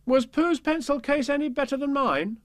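Man doing an eager storybook boy, much higher than his own voice. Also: moderate pace, dry recording. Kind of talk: storybook reading.

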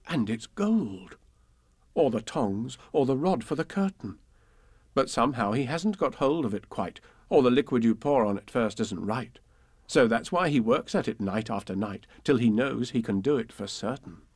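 A man's voice: mid-range voice, slightly rough, no echo. Man reading children's stories aloud. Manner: gentle, expressive storytelling.

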